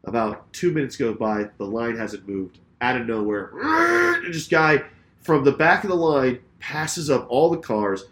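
A man's voice: medium pitch, moderate pace. A man co-hosting a podcast, retelling a road-rage story in casual chat, swearing freely and acting out the lines of the people in it. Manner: profane, animated retelling with acted quotes. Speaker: podcast co-host.

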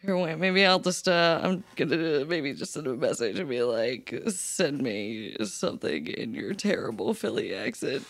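A woman's voice: low-pitched, animated, normal speed, gravelly, few pauses, no room sound. A woman co-hosting a comedy podcast, giggly, sweary and effusive. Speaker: podcast co-host. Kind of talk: casual comedy podcast chat.

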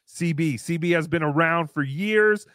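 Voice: mid-range voice, moderate pace, no echo, studio quality. A podcast host chatting casually and gushing over a clip. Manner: gushing, lively.

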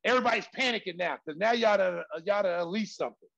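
A middle-aged man spins a lively, slang-filled story as a guest. His voice sits a little higher than most men's. He acts out the people in his story and now and then raises his voice to a shout. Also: fast, gravelly, dull audio. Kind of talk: animated storytelling.

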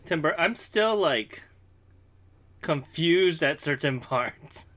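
A man's voice: fairly high pitch, lively intonation, takes it slowly, a bit bright. A man in a casual podcast chat who laughs often and asks puzzled questions. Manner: giggly, curious questioning.

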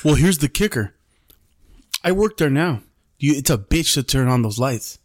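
Podcast co-host, man, mid pitch, easygoing storyteller full of bro and dude, dry close sound. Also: lively intonation, normal speed, dry recording. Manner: laid-back, swears freely, says bro and dude. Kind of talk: casual storytelling chat.

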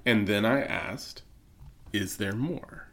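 Low-voiced man co-hosting with jokes. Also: takes it slowly, a bit bright. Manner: joking, playful storytelling. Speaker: podcast co-host. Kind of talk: casual chat.

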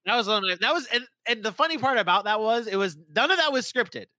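A man hosting a casual sports podcast, excitable and quick to laugh, often repeating his words. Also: high-pitched. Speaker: podcast host.

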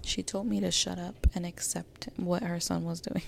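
Gravelly-voiced woman podcaster, candid and rambling. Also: on the low side, flat delivery, slow pace, no echo, whispered. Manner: candid, rambling, many fillers and restarts. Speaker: podcast host. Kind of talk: personal podcast monologue.

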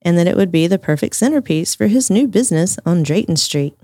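A woman's voice: lowish voice, lively intonation, fairly quick, mellow, no room sound, studio quality. A woman, co-hosting a podcast and telling local ghost stories in a casual, laughing way. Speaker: podcast co-host. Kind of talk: casual chat, storytelling.

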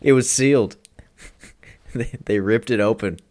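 A man in casual podcast chat, telling a story with halting restarts and frequent laughter. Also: medium pitch, darkish tone.

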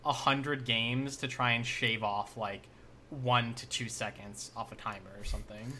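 A man's voice: medium pitch, fairly even intonation, measured pace, pushed and bright, a little hiss or hum. A man co-hosting a casual gaming podcast, rambling and leaning on the word "like" as he talks. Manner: rambling, heavy use of "like". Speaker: podcast co-host.

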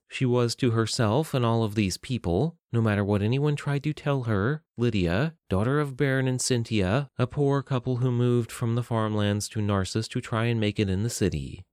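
A man reading a fantasy story aloud as narrator, in a steady, measured way. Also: lowish voice, dry recording, studio quality.

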